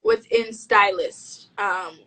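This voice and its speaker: A woman's voice: medium pitch, wildly swooping pitch, takes it slowly, fairly bright tone, rough recording. A woman stylist chatting casually in an interview over a video call, slangy and full of restarts. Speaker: fashion stylist.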